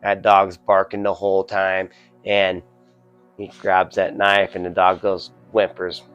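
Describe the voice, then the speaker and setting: A man's voice: low voice, monotone, unhurried, a bit bright, clear, resonant tone, dull audio, soft background music. A man casually reviewing a horror film, rambling, swearing constantly, full of "you know" and "uh" fillers. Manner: rambling, heavily profane, filler-laden.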